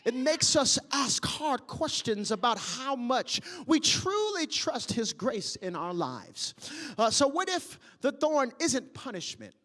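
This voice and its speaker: A preacher giving a sermon in rhythmic repeated phrases punctuated by "huh," swinging between shouted peaks and hushed near-whispers. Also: sits high, very animated, takes it slowly, big-room sound.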